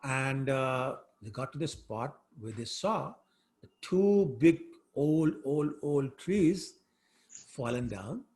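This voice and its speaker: A man teaching a scripture class, telling the story in an animated, conversational way with frequent fillers. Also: mid-range voice, takes it slowly.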